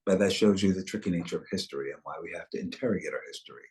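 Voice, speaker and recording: A man's voice: deep voice, racing, darkish tone. A man speaking as an actor guest in a webchat interview over a video call, reflective and expansive in the way he tells things.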